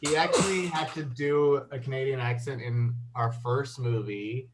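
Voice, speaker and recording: A man's voice: mid-range voice, fairly even intonation, normal speed. A British man, a guest filmmaker, chatting casually and mocking himself with laughs. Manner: self-mocking, laughs often. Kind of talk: casual chat. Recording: clear background noise.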